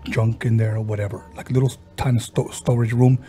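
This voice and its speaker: Mellow-voiced man telling a ghost story. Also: medium pitch, level tone, soft background music. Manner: retells a story, slipping into quoted voices; halting, with frequent restarts and fillers. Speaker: podcast host. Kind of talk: casual paranormal storytelling.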